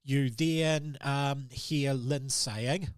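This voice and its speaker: A man's voice: mid-range voice, fairly even intonation, extremely slow, clean tone, dry recording, clean studio sound. Man running a tabletop horror game. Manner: loose, rambling narration with many ums and sort-ofs. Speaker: game master.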